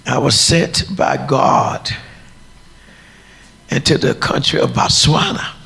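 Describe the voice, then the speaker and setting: A deep-voiced woman preacher telling a testimony, acting out the dialogue as she tells it. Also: takes it slowly, gravelly, a bit bright, slightly rough. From United States. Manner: storytelling, acts out dialogue.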